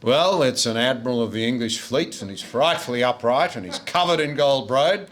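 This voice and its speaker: A man's voice: medium pitch, expressive, moderate pace, a bit bright. An older Australian man giving a speech at a book launch to a room of listeners, telling anecdotes with frequent "uh" fillers. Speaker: guest speaker. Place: room with a live audience.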